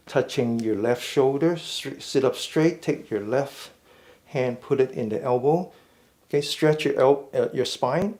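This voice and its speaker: Man guiding slow stretches. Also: mid-range voice, darkish tone. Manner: slow, step-by-step cues with frequent "okay?". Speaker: mindful fitness instructor. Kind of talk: guided stretching instruction.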